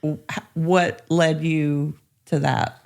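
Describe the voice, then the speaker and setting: A woman's voice: sits low, flat delivery, drawn-out words, creaky, darkish tone, smooth. A woman co-hosting a podcast, teasing the guest and asking him the questions. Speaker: co-host. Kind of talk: casual podcast interview.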